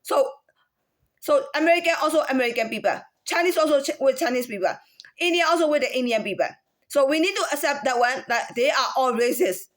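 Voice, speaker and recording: Woman with a pretty high voice rambling casually, lots of restarts and um's, shows off different tones. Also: lively intonation. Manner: halting, many restarts and fillers; demonstrates different speaking tones. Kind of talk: casual spoken monologue.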